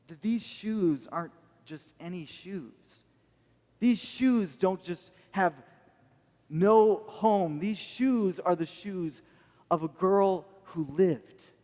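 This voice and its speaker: An American man preaches a sermon with a high-pitched voice, telling his story earnestly and with feeling. His voice rings with a long reverb from the church hall around him. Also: darkish tone. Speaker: pastor.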